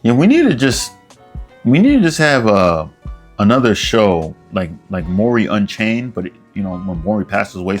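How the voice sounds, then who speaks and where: A man's voice: low voice, creaky. A man hosting a casual commentary vlog, rambling and joking in a self-deprecating way. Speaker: commentary channel host.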